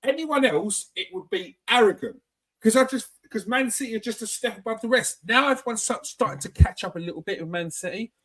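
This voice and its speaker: A man hosting a casual football podcast, his voice a touch high. He argues insistently and circles back over his points with repeated phrases. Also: animated, fairly quick, a bit bright. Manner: insistent, argumentative, repeats himself. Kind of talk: casual chat.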